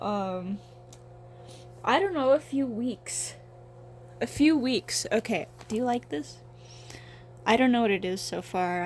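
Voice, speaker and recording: A woman's voice: a little high, a little mellow, a little hiss or hum. A young woman in her twenties talking casually while she draws, rambling and swearing with a self-deprecating streak. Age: young adult. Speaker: vlogger.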